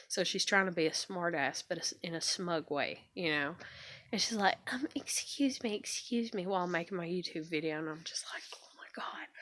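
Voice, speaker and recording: A woman's voice: fairly low pitch, a bit bright. A young woman vlogging into her phone, venting in a frustrated, swearing, repetitive rant about home life.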